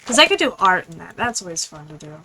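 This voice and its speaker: A young woman streaming a game, chatting casually in a rambling, fast, apologetic way. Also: fairly low pitch, big pitch swings, bright, forceful tone, a little hiss or hum, poor audio. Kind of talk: casual gaming stream chat.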